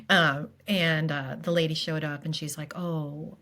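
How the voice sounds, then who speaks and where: Halting, earnest middle-aged woman, lowish voice. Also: steady tone, fairly bright tone. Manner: halting, full of fillers and restarts; openly emotional, earnest. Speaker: podcast guest. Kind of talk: candid conversation about grief.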